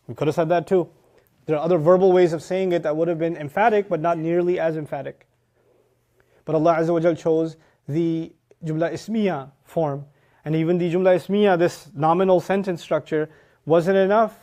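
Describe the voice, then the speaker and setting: Animated, emphatic male religious lecturer. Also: fairly high pitch, brisk. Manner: emphatic, punches key words, acts out listeners' reactions. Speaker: teacher of Quran.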